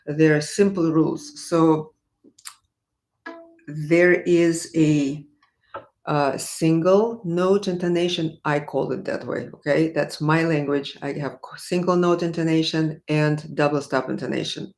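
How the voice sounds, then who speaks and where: A woman's voice: sits low, fairly even intonation, a little slow, a little mellow. A woman teaching violin on a live stream, answering viewers' questions in a chatty, encouraging way full of fillers and restarts. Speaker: violin professor.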